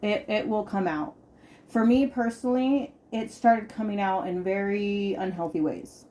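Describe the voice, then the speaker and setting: A woman in her thirties talks candidly and personally, as on a podcast. She stresses her points by repeating words and swearing casually. Her pitch sits in the middle range for a woman. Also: a little slow, warm tone, slight background noise. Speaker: podcast host.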